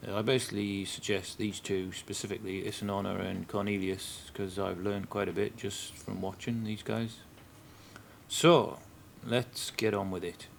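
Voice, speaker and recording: A man's voice: on the low side, little pitch movement, moderate pace, gravelly, slight background noise. A man with a northern English accent giving casual commentary for a game guide, hesitant and a bit nervous, with many ums and uhs. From northern England. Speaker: video game guide maker. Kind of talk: casual first-time commentary.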